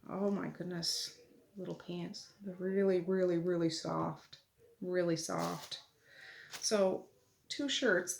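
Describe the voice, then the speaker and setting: A middle-aged woman chatting casually while she opens mail at home, with soft laughs between remarks. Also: lowish voice, creaky. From Nova Scotia, Canada. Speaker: vlogger. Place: family home at night. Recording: echoey room, audible background noise.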